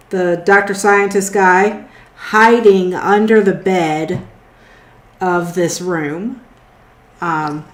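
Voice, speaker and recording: A woman runs a tabletop horror game, narrating slowly and hesitantly with fillers. Her voice sits mid-range. The room gives it a roomy echo. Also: mid-range voice. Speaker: game master.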